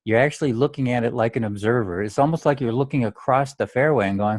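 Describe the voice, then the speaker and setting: A man's voice: medium pitch, fast talker, no room sound, studio quality. A man coaching golfers on their mental game, talking in a blunt, straight-talking way and saying phrases aloud to show the difference. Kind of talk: direct instructional monologue.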